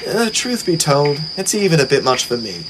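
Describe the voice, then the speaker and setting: A man voicing a boastful, chatty young male tank engine who talks in an excitable, self-important way. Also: a little high, normal speed, background noise. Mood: casual.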